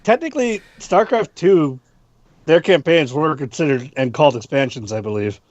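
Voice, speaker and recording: A man co-hosting a gaming podcast, chatting excitably and swearing casually. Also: a little high, normal speed, no echo. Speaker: podcast co-host. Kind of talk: casual chat. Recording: dull dry lo-fi mic.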